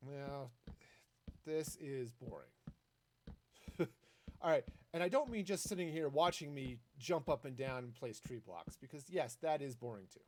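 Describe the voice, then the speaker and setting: A man's voice: a little slow, slight background noise. A man streaming a building game, chatting in a rambling, easygoing way as he plays. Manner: chatty and rambling, lively swings in pitch. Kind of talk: casual gameplay commentary.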